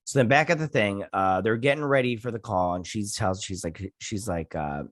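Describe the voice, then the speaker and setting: A man's voice: on the low side, normal speed, no room sound, studio quality. Chatty man recapping a show episode. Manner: rambling retelling with many fillers and acted-out quotes; opinionated and heated at times. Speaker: host. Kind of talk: casual episode recap and review.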